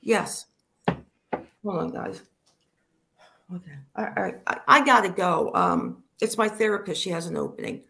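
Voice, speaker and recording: Deadpan woman doing stand-up on a call. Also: mid-range voice, normal speed, gravelly, background noise. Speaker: stand-up comedian. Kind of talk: stand-up comedy routine. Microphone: video call.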